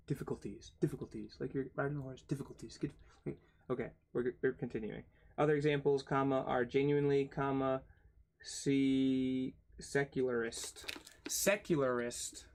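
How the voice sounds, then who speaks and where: A man's voice: mid-range voice, gravelly. A man reading a textbook aloud for his channel, spelling out hard words letter by letter and making self-mocking asides. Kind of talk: casual read-aloud lesson.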